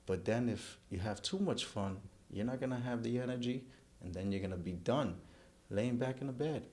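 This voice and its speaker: A man's voice: mid-range voice, moderate pace, darkish tone. A middle-aged man, a charity event chairman speaking earnestly in an interview and running through long lists.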